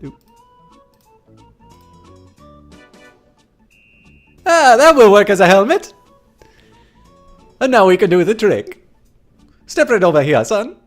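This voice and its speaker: A man's voice: high-pitched, very animated, normal speed, faint music behind, pitched above the performer's own voice. A man voicing two quarrelsome circus acrobat brothers from a game, with a put-on Italian accent and hammy showman patter. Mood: cheerful. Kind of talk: reading game dialogue aloud in character.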